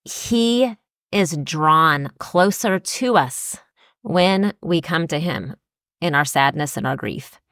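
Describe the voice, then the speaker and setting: A woman's voice: sits low, lively intonation, takes it slowly, fairly bright tone, no room sound, studio quality. A woman co-hosting a Christian podcast, speaking earnestly and reflectively while citing scripture. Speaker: podcast co-host.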